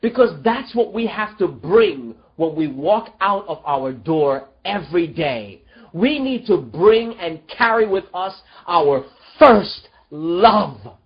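An unhurried preacher pours out an emotional sermon, pitch rising and falling widely from line to line. Rhetorical questions pile up, and the voice sinks low and soft at the tender points, heard on a slightly dull, lo-fi recording. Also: expressive.

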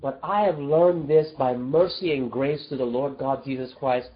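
A preacher delivering an emotional, pleading sermon full of rhetorical questions, dropping low and soft at tender moments. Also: moderate pace, lo-fi sound.

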